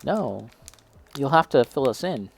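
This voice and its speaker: A man's voice: mid-range voice, animated, unhurried, gravelly, husky. A young man casually chatting as he tastes and reviews snacks, self-deprecating and reacting as he eats. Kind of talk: casual snack tasting chat.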